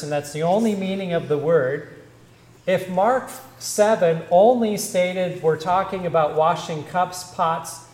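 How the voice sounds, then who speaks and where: A male Lutheran pastor preaching a sermon, explaining scripture in a measured, deliberate teaching manner. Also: a little high, a little mellow, roomy sound, low-quality recording.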